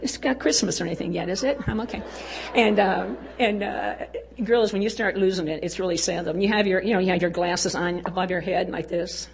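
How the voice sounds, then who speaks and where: A woman's voice: fairly low pitch, fairly even intonation, a little fast, creaky. An older woman giving a folksy, exuberant testimony talk at a church women's event, urging and cheering her listeners on. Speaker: women's conference speaker.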